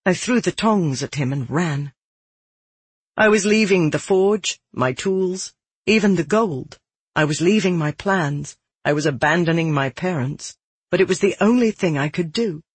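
An audiobook narrator reading a first-person fantasy story in a steady, earnest way. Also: mid-range voice, a little slow, slightly rough, no room sound.

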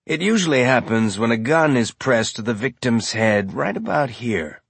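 A man giving measured, scripted audiobook narration. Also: mid-range voice, animated, vocal fry, husky, no echo.

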